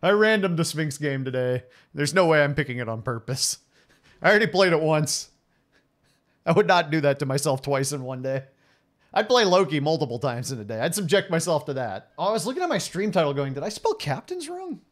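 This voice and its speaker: Here a late-thirties man talks to his chat while playing a game, laughing often and poking fun at viewers. He speaks fairly quickly, his pitch fairly high and his delivery expressive.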